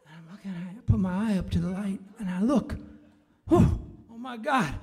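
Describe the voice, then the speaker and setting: A man's voice: sits high, moderate pace, a little mellow. A man doing stand-up comedy on a live stage at the piano, telling a rambling, mock-dramatic story and slipping into voices. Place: live stage before an audience. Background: piano playing.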